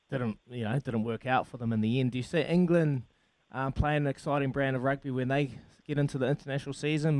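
A man's voice: medium pitch, no room sound. A man interviewing a rugby player, asking long, loosely worded questions and calling him mate. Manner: long rambling questions, calls the guest mate. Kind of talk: casual interview chat.

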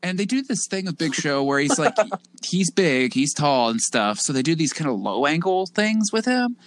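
A man's voice: on the high side, sing-song, moderate pace, a little hiss or hum. A man co-hosting a podcast, casually recapping a show with rambling asides and laughter. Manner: rambling, laughing, acts out quotes. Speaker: podcast co-host. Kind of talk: casual chat recapping wrestling.

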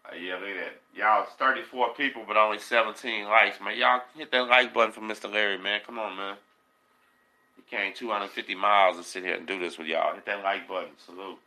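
A man hosting a casual live stream, urging viewers in relaxed slang. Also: on the low side, fairly quick, poor audio.

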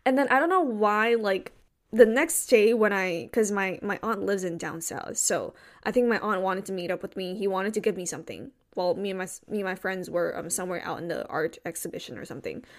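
A woman's voice: medium pitch, fairly quick. A young woman from Taiwan telling a long personal story in casual chat, full of restarts and fillers.

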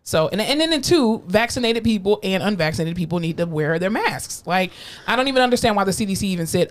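A woman's voice: mid-range voice, sing-song, fast talker. A woman co-hosting a podcast in casual chat, blunt and swearing freely, often quoting people in put-on voices. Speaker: podcast co-host.

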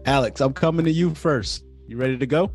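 A man's voice: mid-range voice, brisk, faint music behind. A man in his thirties hosting a casual podcast, joking and swearing freely. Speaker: podcast host.

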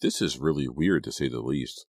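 An honest, cautious teenage girl, as a deep-voiced man puts her on for an audiobook. She speaks earnestly and warily, pitched well above his low natural voice. The recording is dry and close. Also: animated, normal speed, creaky, a little mellow, no echo, full character voice. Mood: doubtful. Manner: earnest, wary.

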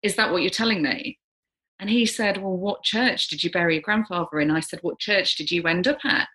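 A middle-aged woman, a psychic medium, telling a story with animated energy, gasping and acting out the voices of the people in it. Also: fairly low pitch, a little fast. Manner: lively, gasping, acts out quoted voices.

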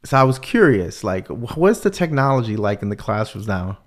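A man's voice: lowish voice, big pitch swings, moderate pace. A middle-aged man hosting a podcast, chatting casually and telling stories animatedly, often repeating words. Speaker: podcast host. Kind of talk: casual conversation.

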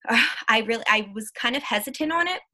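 A woman's voice: on the high side, expressive, fast, pushed and bright. A woman in her thirties, a podcast guest, telling her personal story candidly, with many fillers and acted-out quotes.

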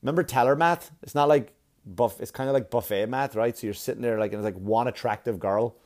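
Profane, animated male stand-up comic. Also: mid-range voice, brisk. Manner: profane, animated storytelling with exaggerated quoted voices. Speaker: stand-up comedian. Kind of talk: stand-up comedy set.

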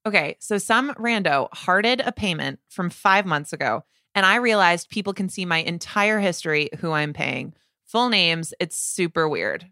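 Woman co-host, casual and playful, crisp bright tone in a dry booth. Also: fairly low pitch, lively intonation, normal speed, no room sound. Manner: chatty, laughs often, playful asides. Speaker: podcast co-host. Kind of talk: casual music discussion.

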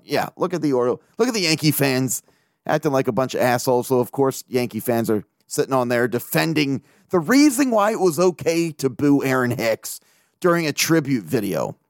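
A man's voice: a little high, dry recording, clean studio sound. A man hosting a casual sports podcast, ranting with lots of swearing and laughing at himself. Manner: profane, animated ranting. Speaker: podcast host.

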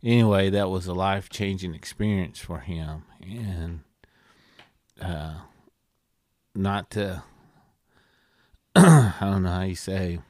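A man co-hosting a podcast, telling a story in a rambling, halting way with many fillers. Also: low voice, darkish tone, no room sound, clean studio sound. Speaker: podcast co-host. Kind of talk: casual storytelling chat.

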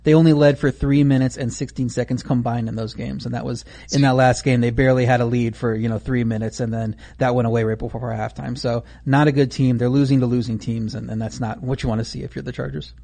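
A man's voice: mid-range voice, fairly even intonation, fast talker, creaky, few pauses, dark tone. A man analyzing football bets in an analytical way, citing lots of stats. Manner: analytical, stat-heavy. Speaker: betting analyst. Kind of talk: sports betting chat.

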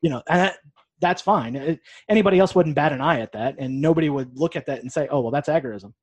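Casual male podcast co-host, slightly high voice, rambling and profane, close dry mic. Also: fast talker, dry recording. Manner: laid-back, profane, rambling. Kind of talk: casual chat.

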